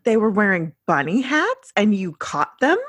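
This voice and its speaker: A woman's voice: medium pitch, very animated, moderate pace, a little hiss or hum, lightly acted. A woman voicing a polite, gushing teenage girl visiting her father at the police station. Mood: sweet. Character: sweet teenage girl, police captain's daughter.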